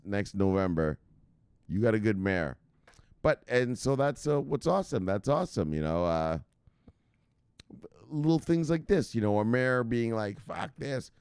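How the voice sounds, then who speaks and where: A man's voice: lowish voice, a little mellow, clear, resonant tone, no room sound, clean studio sound. A man hosting a crypto news show in casual, profane commentary, brash and laughing at his own jokes. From United States.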